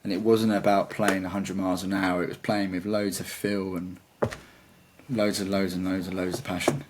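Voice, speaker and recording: A man's voice: low voice, level tone, normal speed, background noise. A man chatting as a guitarist guest in an interview, talking in a rambling, enthusiastic way. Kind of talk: casual interview chat.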